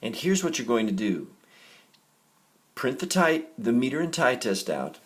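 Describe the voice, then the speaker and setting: A man teaching a music reading lesson, patient and gentle, walking students through rhythm exercises. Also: medium pitch, sing-song, measured pace. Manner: patient, gentle instructor, demonstrating rhythms by singing syllables.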